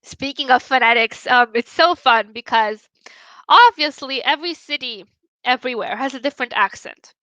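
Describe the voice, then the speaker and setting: A woman's voice: sits high, normal speed, sharp tone, no room sound, muffled recording. A young woman from Romania with a Romanian accent, chatting casually with viewers on a stream, laughing often and swearing freely.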